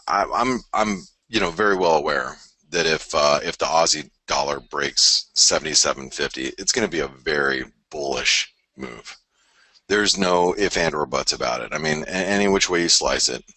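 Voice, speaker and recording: A man's voice: very deep voice, pushed and bright, no room sound. A man hosting a live forex trading webinar early in the morning, tired from waking before dawn, chatty and rambling with many fillers and repeated phrases. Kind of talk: live market analysis, casual and rambling.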